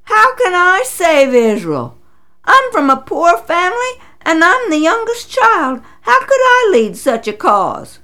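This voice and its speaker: A woman's voice: very high-pitched, wildly swooping pitch, unhurried, sharp tone, voice pushed up, exaggerated voice. A woman voicing a desperate, doubting young man in a storybook reading. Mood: disbelieving. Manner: pleading, exclamatory.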